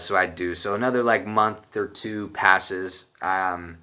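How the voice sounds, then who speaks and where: A man's voice: lowish voice, measured pace, hardly any pauses, sharp tone, a little hiss or hum. A young man from Arizona telling a personal story in a rambling, profane, casual way. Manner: profane, rambling, laughs when nervous.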